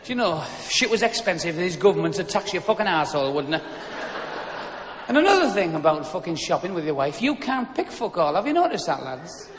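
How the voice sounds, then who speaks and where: A man's voice: high-pitched, sing-song, fairly quick. A man doing a crude stand-up routine, blunt and profane, with punchy delivery at a live venue. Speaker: stand-up comedian. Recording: echoey live hall with background noise.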